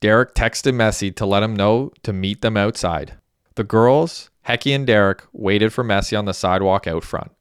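Guy narrating a story, lowish smooth voice, steady, no room sound. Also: moderate pace, no echo, clean studio sound. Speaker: audiobook narrator. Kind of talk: scripted narration.

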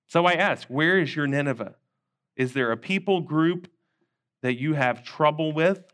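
A man's voice: on the high side, a little slow, fairly bright tone. A man teaching a Sunday school class, telling a personal story in an earnest, conversational way with frequent restarts. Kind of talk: storytelling church lesson. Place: church classroom.

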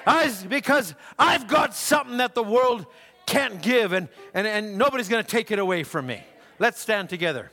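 A man preaching a sermon at a church service, emphatic and repetitive, building to shouts. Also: high-pitched, lively intonation, normal speed, soft background music. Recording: church hall with long reverb.

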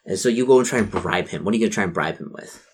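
A woman narrating a tabletop role-play game as game master, chatty and halting as she quizzes her player. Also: a bass voice, animated, a little mellow, a little hiss or hum.

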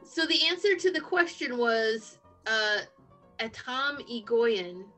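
Bright, peppy woman reading trivia. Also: a little high, expressive, slow, faint music behind, low-quality recording. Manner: playful, reads questions aloud. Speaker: trivia quizmaster. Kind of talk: casual podcast banter.

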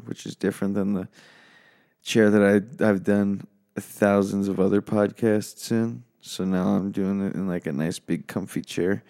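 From his home office, an American podcast host rambles through a laid-back late-night solo episode. His rough voice stays low and quiet, and he swears often.

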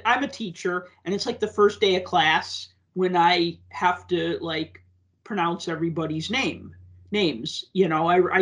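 Man, podcast co-host, animated storyteller, conversational. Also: high voice. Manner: animated storyteller, acts out quoted voices. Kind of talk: casual chat, storytelling.

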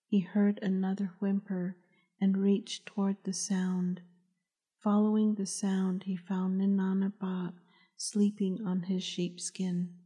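A woman, the author, reading her novel aloud as calm, measured audiobook narration. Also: mid-range voice, breathy edge.

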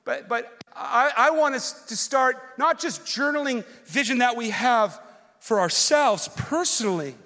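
A man preaching as pastor, telling an animated personal story that swings from loud rants to quiet, earnest reflection. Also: extremely high pitch, measured pace. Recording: long hall reverb.

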